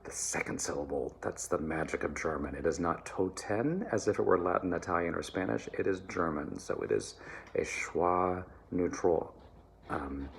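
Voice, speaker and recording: A man teaching German pronunciation to singers, relaxed and encouraging, often checking in with "all right?" and slowly modeling words. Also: rumbling low, creaky, a little hiss or hum. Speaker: choir diction coach. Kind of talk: German diction lesson for singers.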